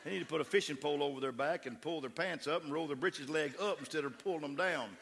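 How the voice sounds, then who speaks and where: Brief: middle-aged West Texas preacher, fervent, slightly high, gravelly, church echo. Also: male voice, fast, a bit bright, a little hiss or hum. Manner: fervent, emphatic preaching with crowd call-outs. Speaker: pastor. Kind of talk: sermon. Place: church sanctuary. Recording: echoey church hall.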